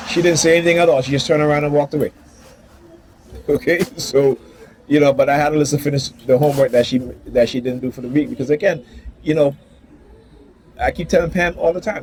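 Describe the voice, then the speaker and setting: A man's voice: on the high side, steady tone, fast. Man, casual vlog rant, heated and rambling, in a car, faint road hum. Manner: heated, rambling, repeats "you know" and "right?". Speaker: vlogger.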